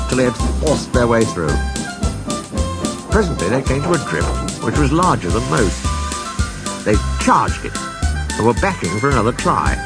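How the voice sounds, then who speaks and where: A man narrating a storybook tale in a steady, expressive reading. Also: medium pitch. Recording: music underneath.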